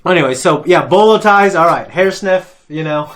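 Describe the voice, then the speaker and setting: A man's voice: a little high, animated, normal speed, fairly bright tone, a little hiss or hum. A man, hosting a casual reaction-show chat and telling stories with lots of laughter and fillers. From Ohio. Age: adult parent. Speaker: reaction channel host.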